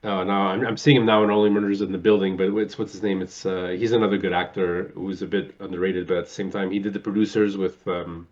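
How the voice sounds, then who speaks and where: A man's voice: low voice, little pitch movement, fast, few pauses, a little mellow, lo-fi sound. A man co-hosting a casual movie chat, rambling with many fillers and acting out quotes in a theatrical voice. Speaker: podcast co-host.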